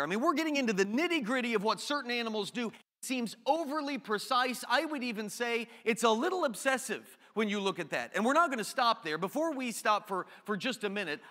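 A man's voice: high voice, bright, forceful tone, in a large hall. A man preaching a sermon as pastor, conversational and joking, with off-topic asides.

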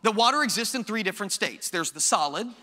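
A high, bright male voice preaching with lively swings in pitch, firing off rhetorical questions and playful asides. His sermon rings out with a long hall reverb behind it. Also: fast. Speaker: pastor.

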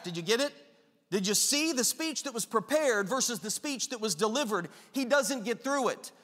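A man preaching with a high, bright, ringing voice. He delivers the sermon with passion and acts out quoted lines with rising force. His words carry a long reverb from a large hall. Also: expressive, brisk. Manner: impassioned, acts out the father's lines with rising intensity. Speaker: pastor.

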